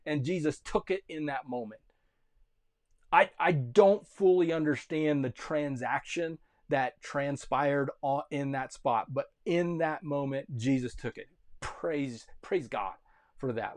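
A passionate male preacher in his thirties with a voice pitched a little high. He moves between fervent, loud exhortation and hushed, personal storytelling. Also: lively intonation, measured pace. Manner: impassioned, swings from loud urgent calls to quiet intimate storytelling. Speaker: pastor. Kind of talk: sermon.

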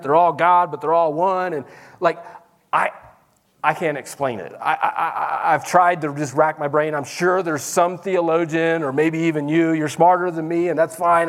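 Guy preaching at church, kinda high voice, chatty, keeps calling out to the crowd. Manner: conversational, calls out to the congregation. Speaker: pastor. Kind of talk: sermon. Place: church service.

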